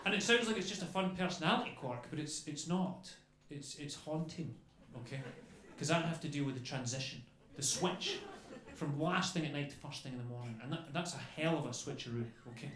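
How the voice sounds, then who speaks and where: Brief: male stand-up comic, slightly high pitch, loose chatty rambling delivery, live echoey club room. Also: fairly quick, hardly any pauses, a bit bright, slight background noise. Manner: rambling, chatty, peppered with "okay?" and "you know". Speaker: stand-up comedian. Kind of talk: stand-up comedy set. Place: comedy club stage.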